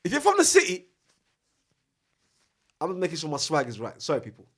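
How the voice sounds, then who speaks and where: Young man, swearing, lively preachy monologue, dry close studio sound. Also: on the high side, a little fast, slightly rough, no echo. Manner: preachy, profane, animated, swings between loud and hushed. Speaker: podcast speaker. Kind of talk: casual monologue. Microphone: studio mic.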